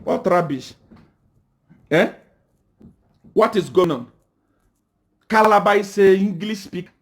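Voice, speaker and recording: Scolding high-voiced Zambian man. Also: slow pace. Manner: scolding, rhetorical questions, repeated "Eh?". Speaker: political commentator. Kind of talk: livestream rant.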